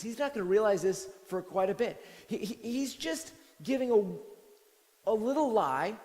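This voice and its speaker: A male pastor delivers a sermon in a loose, conversational way, often restarting his sentences. His voice sits high for a man. The sound carries the long reverb of a church hall. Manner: conversational, animated, with many restarts.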